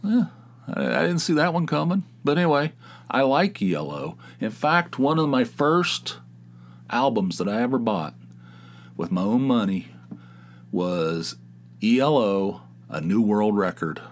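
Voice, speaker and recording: A man in his fifties hosts his own podcast solo, speaking a little slowly in a sing-song, medium-pitched voice. His casual monologue is rambling and jokey, and he often corrects himself, with a little hiss or hum in the recording.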